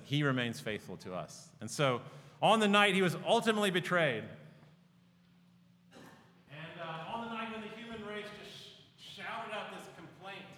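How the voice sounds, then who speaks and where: A man gives a sermon from the pulpit, earnest and pastoral, often falling to a hushed, tender tone. His voice sits a bit above the usual male range. A long hall reverb trails after his words in the large sanctuary. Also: a little high, slight background noise.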